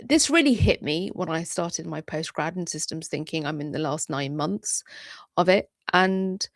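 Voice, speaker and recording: Woman, 40s, vlog host; emphatic, conversational, slightly low pitch, dry recording. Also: animated, moderate pace, no echo. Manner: chatty and emphatic, with dropped-voice asides. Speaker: creator coach and channel host. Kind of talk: direct-to-camera advice vlog.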